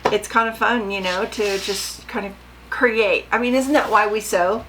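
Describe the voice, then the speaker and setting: A woman's voice: medium pitch, fairly even intonation, moderate pace, fairly bright tone, slight background noise, low-quality recording. Older woman chatting about her sewing. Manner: chatty, rambling, asks viewers questions. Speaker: sewing vlogger. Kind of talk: casual chatty vlog.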